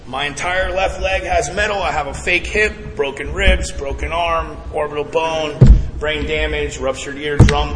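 Speaking to a live twelve-step group, this man gives an earnest, emphatic testimony about his recovery and keeps addressing everyone as "guys." His pitch is fairly high and his tone fairly bright, captured in an echoey hall with ambience and faint hiss or hum.

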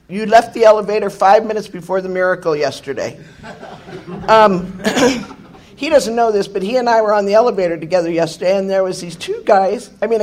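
A hoarse middle-aged woman sharing her recovery story at a meeting, candid, joking and laughing often, swearing now and then. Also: mid-range voice, darkish tone. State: hoarse, voice worn out. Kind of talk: personal recovery testimony. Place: meeting room with an audience.

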